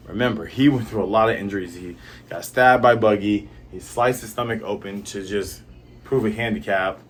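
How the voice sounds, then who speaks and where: A man's voice: on the low side, moderate pace, slight background noise. A man casually recapping a comic chapter in a rambling, chatty way with many fillers. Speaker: comic reviewer.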